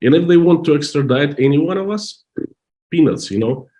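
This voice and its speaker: A middle-aged man from Russia with a Russian accent, telling a story in halting, emotional English full of restarts. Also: on the high side, lively intonation, warm tone. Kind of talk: casual storytelling.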